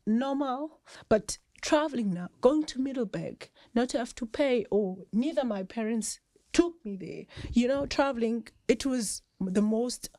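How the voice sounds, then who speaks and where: A South African woman, a rugby player guesting on a podcast, telling lively stories and often breaking into laughter. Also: a little high, measured pace, no room sound, clean studio sound. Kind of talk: casual storytelling chat.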